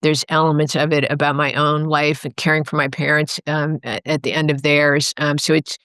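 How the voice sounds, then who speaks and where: A woman's voice: sits low, little pitch movement, moderate pace, fairly bright tone, clean tone, no room sound, studio quality. A middle-aged woman, a guest author, talking earnestly and reflectively in an interview, rambling a little and correcting herself as she goes. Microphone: remote call microphone.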